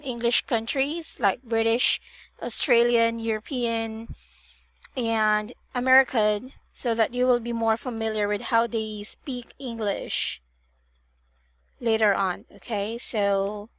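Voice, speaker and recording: Woman, pronunciation tutor, unhurried, corrective, somewhat muffled call audio. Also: fairly high pitch, fairly bright tone, no room sound. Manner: patient, drills words and corrects vowels. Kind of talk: online one-on-one tutoring.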